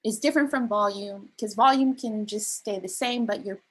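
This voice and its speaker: A woman leading a beginner spoken word workshop, explaining delivery gently with frequent ums and restarts. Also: mid-range voice, normal speed, poor audio. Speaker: workshop facilitator.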